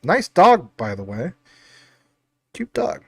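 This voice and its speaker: A man's voice: on the high side, wildly swooping pitch, slow pace, vocal fry, husky, no echo. Upbeat, chatty male livestream host. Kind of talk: casual livestream, reading chat comments.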